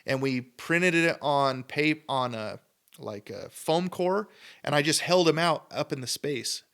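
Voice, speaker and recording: With a slightly high, fairly bright voice, an Idaho sculptor takes his time yet stays animated while telling casual stories as a podcast guest in the studio. His enthusiastic rambling is full of "like" and quoted back-and-forth.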